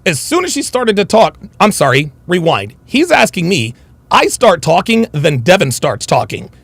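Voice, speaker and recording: A man's voice: sits high, very animated, normal speed, creaky, fairly bright tone, slightly rough, no echo. A man hosting a livestream, reading super chats and ranting bluntly with heavy swearing. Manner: blunt, combative, swears heavily. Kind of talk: profane livestream rant.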